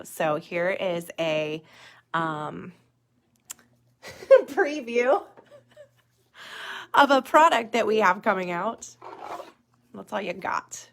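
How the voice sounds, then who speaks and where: A young woman leads a live nail art tutorial and chats with her viewers as she works. Her voice has a gravelly, fry-edged texture, and she talks at an unhurried pace. She keeps it chatty and loose, full of fillers, and drops to a murmur while she focuses on the nail. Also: fairly low pitch, a bit bright. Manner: chatty, filler-heavy, talks to viewers as "you guys" and "y'all".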